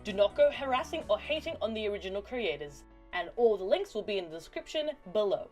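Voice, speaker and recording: A woman's voice: mid-range voice, big pitch swings, fast talker, darkish tone, soft background music. A young woman, chatty and playful, hosting a casual video where she reads stories into a microphone. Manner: chatty, playful, self-mocking. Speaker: fanfiction reader and video host. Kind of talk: casual chat and story reading.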